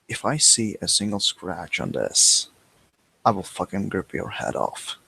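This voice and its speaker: A man voicing a hot-tempered brother who speaks in a low, threatening way in a tabletop game. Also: lively intonation, a little slow, vocal fry, bright, forceful tone, slightly rough, full character voice. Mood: menacing.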